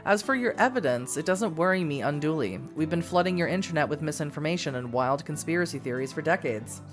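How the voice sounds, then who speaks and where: A woman's voice: sits low, animated, quick pace, soft background music. A woman voicing a composed female vampire who speaks in a neutral, dispassionate way. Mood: dismissive.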